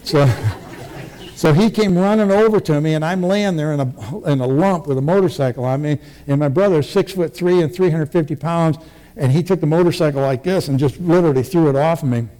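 A man's voice: fairly high pitch, fairly quick, dark tone. An older man, a military veteran, recounting his past in a rambling, vivid oral-history style with many restarts.

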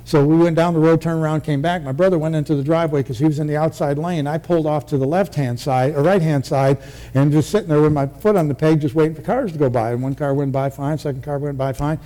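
A man's voice: fairly high pitch, fairly even intonation, fast, dark tone. An older man, a military veteran, recounting his past in a rambling, vivid oral-history style with many restarts.

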